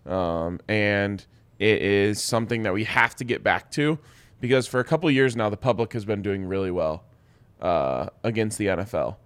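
A man's voice: lowish voice, moderate pace, fairly bright tone. Young man with a fading voice. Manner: rattles off betting stats, throat-clearing. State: losing his voice. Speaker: sports betting podcast co-host. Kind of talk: casual sports betting chat.

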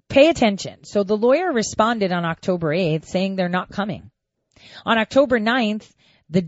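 Woman commentator, sarcastic and animated, slightly low voice, dry close mic. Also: no echo, muffled recording. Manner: sarcastic, animated, reads quotes aloud. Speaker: political commentator. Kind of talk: opinionated commentary.

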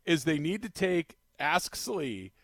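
A man hosting a sports radio show, animated and laughing often as he banters. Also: on the high side, takes it slowly, no echo.

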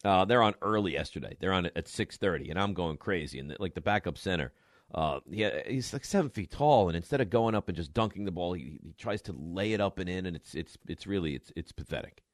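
Sports radio host, male, animated storyteller, dry close mic. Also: a little fast, dry recording. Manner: animated storytelling, jumps between loud and low. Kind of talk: lively sports radio banter. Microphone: studio mic.

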